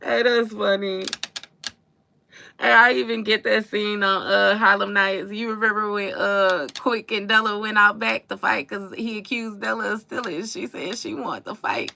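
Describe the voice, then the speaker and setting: A woman's voice: mid-range voice, normal speed, vocal fry, sharp tone. A woman doing a casual tarot reading livestream, blunt and profane, often repeating herself for emphasis and calling listeners baby. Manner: emphatic repetition. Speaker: tarot reader.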